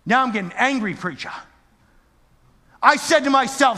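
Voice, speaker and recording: A man preaching a storytelling sermon, swinging from quiet asides to near-shouting. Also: extremely high pitch, sing-song, normal speed, pauses often. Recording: echoey large hall.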